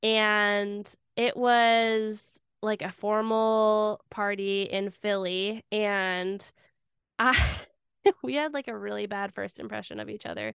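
Smooth, gravelly-edged woman storyteller. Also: mid-range voice, takes it slowly, a bit bright, dry recording. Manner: candid, conversational, frequent "like" fillers. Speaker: podcast host. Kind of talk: personal storytelling.

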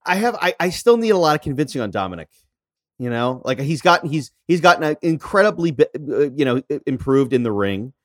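A man co-hosting a casual podcast chat, talking in halting starts and teasing his partner. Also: mid-range voice, very animated, dry recording, clean studio sound. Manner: hesitant, halting, restarts, teasing. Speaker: podcast co-host.

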